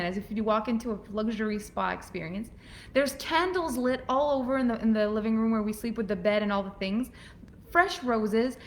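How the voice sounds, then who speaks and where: A woman's voice: fairly high pitch, a bit bright, slight background noise. A woman hosting a casual talk show, effusive and over the top, often acting out quoted lines in different voices. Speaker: podcast host. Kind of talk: casual chat.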